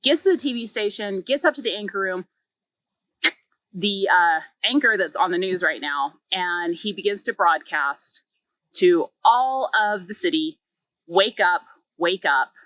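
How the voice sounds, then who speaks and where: A woman retells a short story's plot in a loose, chatty way. She fills her sentences with filler words and slips into little acted quotes. Her voice sits at a middle pitch, and the recording is dry and close. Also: animated, unhurried, fairly bright tone, dry recording, low-quality recording. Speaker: book reviewer. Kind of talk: casual story recap.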